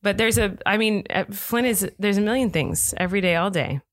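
A woman's voice: medium pitch, a little fast, dry recording. Chatty woman podcaster on a dry mic. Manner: chatty, laughs often, jumps into silly voices. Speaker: podcast co-host. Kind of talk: casual chat. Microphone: large studio microphone.

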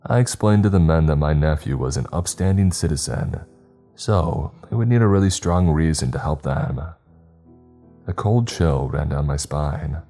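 A man reading a first-person horror story in a measured, grave storytelling manner. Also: extremely low pitch, warm tone. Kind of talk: scripted horror narration. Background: faint background music.

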